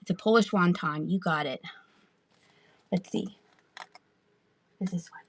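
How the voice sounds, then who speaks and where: A woman hosting a casual live-stream sale, chatty and quick to laugh as she answers the chat. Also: on the low side, vocal fry, a little hiss or hum. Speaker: online live-auction seller.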